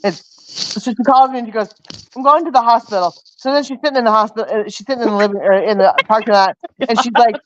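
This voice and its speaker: A woman with a fairly high voice retells a story, quoting each line of the call back and forth. She is on a video call, and the sound is muffled and lo-fi. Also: steady tone, quick pace, background noise. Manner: retells phone calls in quoted dialogue. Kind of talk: casual chat on a live stream.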